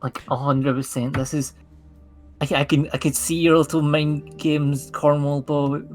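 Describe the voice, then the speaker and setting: A man's voice: a little high, flat delivery, measured pace, soft background music. A man playing a guest in a text adventure game, joking with mock despair. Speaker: guest player.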